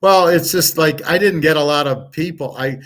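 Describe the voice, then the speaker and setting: A man's voice: fairly high pitch, moderate pace, a bit bright. A middle-aged man hosting a live stream as a sports handicapper, talking in a blunt, profane, ranting way. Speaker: sports handicapper and show host. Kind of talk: casual live-stream rant.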